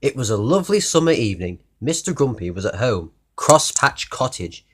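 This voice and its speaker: A man reading a children's storybook aloud in an expressive way, asking the listener questions along the way. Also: mid-range voice, normal speed. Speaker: narrator reading a children's book.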